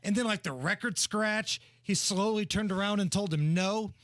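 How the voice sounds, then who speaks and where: A man hosting a radio talk show, joking and ribbing his co-host in quick banter. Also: sits high, a bit bright, no room sound, studio quality. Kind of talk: casual radio chat. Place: radio studio.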